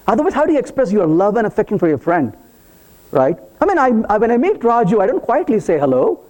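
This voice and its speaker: A man speaks at a conference, walking the audience through code in a playful, teasing way. His voice sits high and leaps widely in pitch, and his tone stays soft and mellow rather than bright. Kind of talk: live technical talk to an audience. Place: conference hall.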